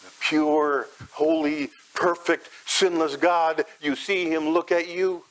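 A man's voice: fairly even intonation, slow, low-quality recording. Dramatic male preacher. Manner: dramatic, swells loud and high then drops soft and low. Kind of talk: sermon, guided imagery.

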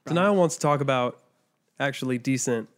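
A man's voice: mid-range voice, a little fast. A man co-hosting a casual podcast, teasing the others and making sarcastic remarks. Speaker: podcast host. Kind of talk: casual chat.

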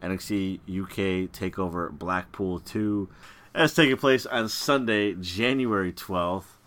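A man's voice: low voice, slow pace, a bit bright. A man co-hosting a podcast in casual chat, easygoing as he plugs an upcoming event and a web address. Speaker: podcast co-host. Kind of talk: casual chat with a promo plug.

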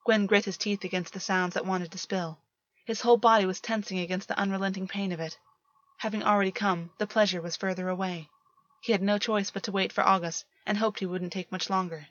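A woman's voice: medium pitch, steady tone, a little fast, no room sound. Woman reading fiction on dull lo-fi audio. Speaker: narrator. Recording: dull lo-fi, dry.

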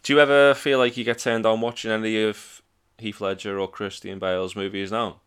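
A man's voice: fairly low pitch, level tone, fairly quick, a bit bright, clear, resonant tone. A man, co-hosting a podcast and teasing his friend in sweary banter. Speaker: podcast co-host. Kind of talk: casual chat.

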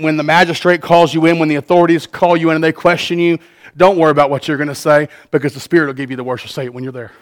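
A pastor with a slightly higher voice delivers a sermon. He is earnest and shifts from quiet stretches to loud ones. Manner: earnest, swings between soft and loud.

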